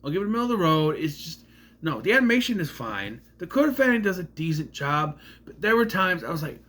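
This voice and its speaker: A man's voice: on the high side, sing-song, fast talker, a bit bright. Male film reviewer, casual, rambling, sarcastic, bouncy up-and-down delivery. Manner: rambling, sarcastic, trips over names. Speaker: movie reviewer.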